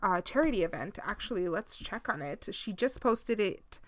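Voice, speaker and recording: A woman's voice: medium pitch, lively intonation, normal speed, no echo. A young woman hosting her own podcast, chatting candidly and emotionally, now and then dropping in Spanish words. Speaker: podcast host. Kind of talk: casual solo podcast chat.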